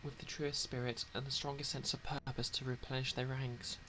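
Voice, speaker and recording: A man's voice: medium pitch, little pitch movement, fairly quick, background noise. Casual streamer man reading a game aloud.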